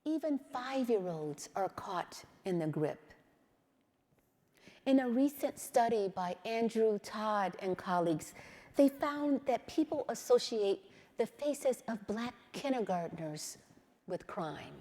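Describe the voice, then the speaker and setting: A woman's voice: on the high side, expressive, warm tone, long reverb tail. Woman telling a story in a talk. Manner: measured storytelling with frequent "right?" asides. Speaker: speaker giving a talk.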